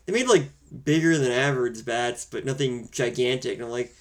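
A man's voice: mid-range voice, fairly quick, hardly any pauses. A man co-hosting a casual movie review chat, rambling and hesitant with wry humor. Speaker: podcast co-host.

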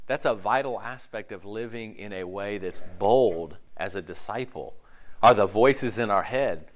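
A man's voice: fairly low pitch, unhurried. A man preaching a sermon in a conversational way, often asking his listeners questions and acting out the voices in their heads. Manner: conversational, asks the audience often; acts out inner voices in quotes. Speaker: pastor.

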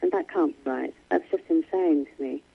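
A woman's voice: sits low, huge pitch swings, normal speed, gravelly, breathy edge, phone-quality sound. A woman author, speaking in an interview from London and talking with many restarts and asides. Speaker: author guest. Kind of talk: remote interview conversation. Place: home in London.

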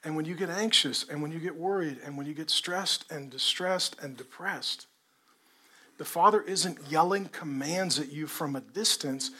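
High bright-voiced preaching man. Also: normal speed, husky. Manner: animated preaching, moving from loud to hushed. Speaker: pastor. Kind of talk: sermon. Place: church before a congregation.

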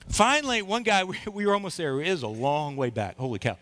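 A middle-aged man preaching a sermon, telling a personal story with lively, acted-out quotes. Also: sits high, fast talker, few pauses. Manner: animated storyteller, acts out quoted voices. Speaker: pastor.

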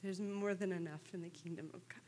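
A woman giving a personal testimony in church, tearful, halting and soft, with many pauses. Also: on the low side, fairly even intonation, a little hiss or hum.

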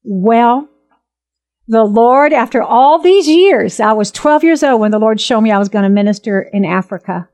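An earnest woman in her fifties gives her personal testimony as a minister. Her voice sits fairly high, and she talks emphatically and animatedly as she retells events. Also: animated, moderate pace, a little mellow. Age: 50s.

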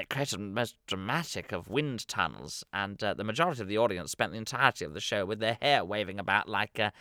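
Guy doing a dry jokey podcast monologue, bright voice, bouncy pitch, dead dry mic. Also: no room sound. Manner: dry, mock-serious delivery with asides. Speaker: podcast host. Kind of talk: scripted comedic podcast monologue.

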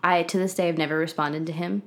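A woman in her twenties talks as a podcast guest, her voice sitting noticeably low. She tells her story in a loose, chatty way, scattering "like" and "um" through every sentence. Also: steady tone, quick pace. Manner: chatty, heavy use of "like" and "um". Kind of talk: casual storytelling interview.

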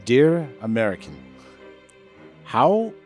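A man's voice: medium pitch, very animated, takes it slowly, faint music behind. A man reading out a letter in a mock Russian accent, voicing a Russian writer in stilted, broken English. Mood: earnest. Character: Russian man writing in with a question.

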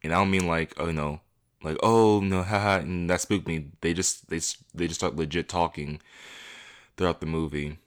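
Guy with a really low voice rambling through a story, casual. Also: steady tone, normal speed, a bit bright. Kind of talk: casual chat.

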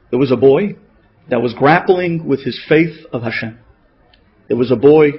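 Rabbi guy preaching, kinda husky and higher-pitched, really dramatic storytelling, muffled lo-fi radio sound. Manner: dramatic, emotional delivery with big swings in pitch and loudness. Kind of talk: sermon storytelling. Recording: dull lo-fi radio recording.

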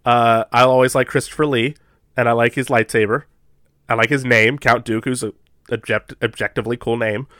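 A young man co-hosting a podcast, talking in an animated, casual way and laughing often. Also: medium pitch, fairly quick, no room sound, clean studio sound. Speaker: podcast co-host. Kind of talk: casual chat.

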